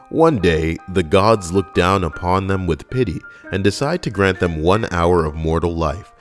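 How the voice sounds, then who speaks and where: Sardonic man reading jokes, very low voice, faint music bed. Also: unhurried, hardly any pauses. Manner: deadpan and sardonic, swearing. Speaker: comedy YouTuber reading jokes. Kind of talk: casual comic joke reading.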